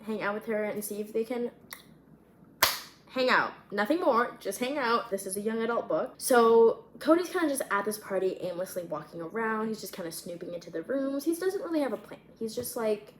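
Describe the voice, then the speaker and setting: A vlogger and writer rambles casually about her young adult novel and reads from her own fiction, filling her sentences with "like." Her voice is a little high, expressive, and slightly fast. The echoey room carries faint ambience plus a little hiss or hum.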